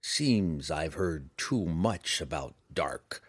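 Deliberate grim bounty hunter read by a man, low voice, terse, fantasy audiobook. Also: lively intonation, sharp tone, heavily acted. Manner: slow, grim, clipped delivery.

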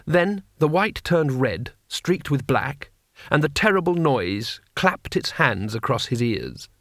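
A man narrating a comic fantasy audiobook in a measured, wry way. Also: mid-range voice, fairly bright tone, no room sound, clean studio sound. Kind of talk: audiobook reading.

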